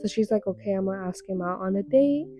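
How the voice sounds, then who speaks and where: A woman's voice: mid-range voice, fast, dark tone. A young woman casually recapping a webtoon, chatty and full of fillers with dramatic little reactions.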